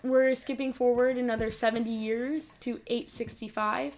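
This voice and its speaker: A woman's voice: on the high side, fairly even intonation, moderate pace, a little mellow. A woman co-hosting a podcast, explaining a history segment at length in a loose, informal way. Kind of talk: casual chat.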